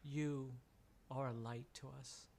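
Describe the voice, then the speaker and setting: A man voicing a gentle elderly female matriarch of a cave people, speaking softly and solemnly in a tabletop game. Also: medium pitch, fairly even intonation, slow pace, lightly acted. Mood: reverent.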